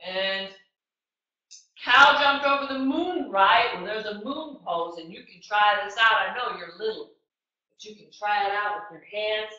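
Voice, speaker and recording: A woman's voice: medium pitch, a little slow, pushed and bright. A woman teaching an online yoga class for children, coaxing and encouraging them through each move. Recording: muffled echoey room.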